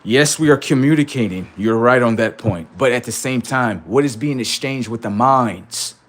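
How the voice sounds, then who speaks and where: A man's voice: medium pitch, normal speed. A man hosting a livestream, talking casually in slangy speech and preaching in rhetorical questions, acting out both sides of imagined exchanges. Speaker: livestream host.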